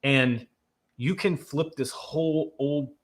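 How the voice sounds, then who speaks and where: Co-hosting a charity livestream, a man from Nashville, Tennessee, speaks at a slow pace with a fairly high pitch. He's earnest and emphatic in casual chat, reading out donor comments.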